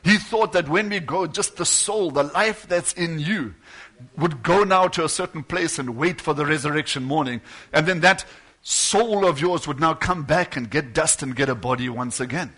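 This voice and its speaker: Man in the pulpit, high and bright, preaches with fervor and acts out quotes. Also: moderate pace. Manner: fervent preaching, retelling stories with acted quotes. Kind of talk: sermon.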